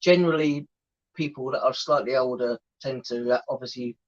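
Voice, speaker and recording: A man's voice: mid-range voice, steady tone, moderate pace, lo-fi sound. A man co-hosting a home live stream, talking casually and rambling with frequent "like I say". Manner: rambling, repeats "like I say". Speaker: co-host of a weigh-in live stream.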